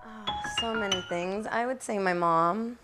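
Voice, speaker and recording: A woman's voice: mid-range voice, unhurried. A young adult woman, an actress, chatting in an interview in a bubbly, playful way with frequent laughs. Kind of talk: casual interview answers. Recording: music playing behind.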